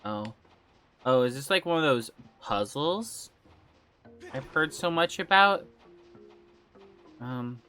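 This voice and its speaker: A woman's voice: very deep voice, lively intonation, takes it slowly, long pauses, fairly bright tone, soft background music. A woman streaming a game, chatting casually with her chat, laughing often and swearing freely. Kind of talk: casual game livestream commentary, reading chat.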